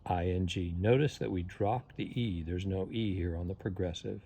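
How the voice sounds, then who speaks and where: A man's voice: low-pitched, fairly even intonation, moderate pace, gravelly, dark tone, breathy edge. A man teaching English grammar, patiently spelling words out letter by letter and repeating each rule. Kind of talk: slow spelling-out lesson.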